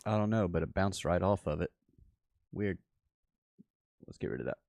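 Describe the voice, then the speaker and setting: A man's voice: sits low, expressive, gravelly, darkish tone, no room sound. A man hosting a trading workshop, walking through a livestreamed chart while thinking aloud and correcting himself as he goes. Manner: unhurried, thinks aloud, restarts and self-corrects.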